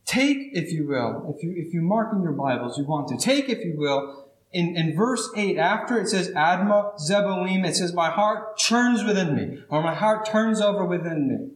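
Male preacher, high voice, earnest and emphatic, echoey room. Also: animated. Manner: earnest, emphatic, slows on key words. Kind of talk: sermon.

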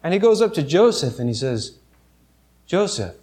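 A man preaching a sermon, retelling a Bible story vividly with halting restarts and soft asides. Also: a little high, big pitch swings.

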